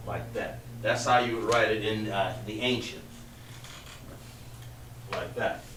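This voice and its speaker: A man's voice: on the low side, slow, pauses often, a bit bright. A man teaching a class, patiently coaxing students and trailing off as he writes on the board. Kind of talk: classroom instruction. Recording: roomy, distant mic with background noise.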